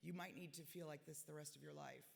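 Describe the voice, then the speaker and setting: Speaking quickly in a deep, creaky voice with fairly even intonation, a woman in her forties reads a diary-style speech at a gala. She's blunt and pokes fun at herself, and the large hotel ballroom gives the recording a long echo.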